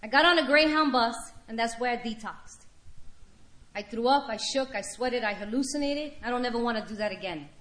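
A woman's voice: a little high, a little fast, fairly bright tone, roomy sound. A woman giving a candid personal share at a recovery meeting, telling her story frankly and with wry humor to a room of listeners.

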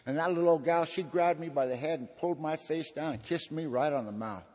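A man speaking at a recovery meeting, telling his own story in a folksy, slangy way, swinging between loud and hushed. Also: on the high side, brisk. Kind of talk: personal testimony talk. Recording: long hall reverb.

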